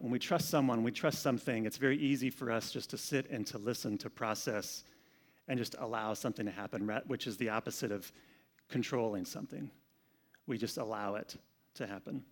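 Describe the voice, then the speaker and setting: A pastor delivers a sermon in a conversational way, with a medium-pitched male voice and a slightly quick pace. He often repeats words and swings between loud and soft.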